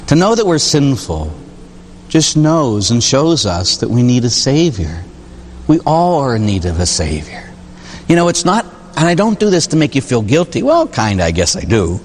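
A Catholic priest preaches in a church with a medium-pitched voice at a moderate pace, over slight background noise. He is animated and joking, filling his sermon with rhetorical questions, and the large hall adds long reverb.

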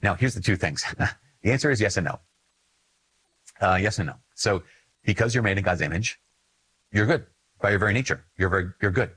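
A Catholic priest from Minnesota, USA, with a Minnesota accent gives an earnest, conversational teaching on faith, repeating phrases for emphasis. His voice is lowish, a bit bright, and husky, and the dry recording has poor audio quality.

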